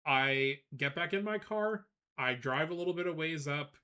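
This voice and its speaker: A man streaming live, chatting casually and telling a rambling, animated story with frequent laughs, greeting viewers as he goes. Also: a little high, normal speed, clear, resonant tone. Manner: greets chat viewers between anecdotes.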